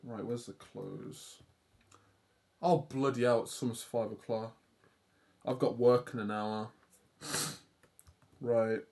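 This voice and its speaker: A man's voice: lowish voice, little pitch movement, slow pace, creaky, long pauses, warm tone. A young British man from the UK chatting casually on a live stream, rambling and self-deprecating, reading chat aloud and swearing offhand.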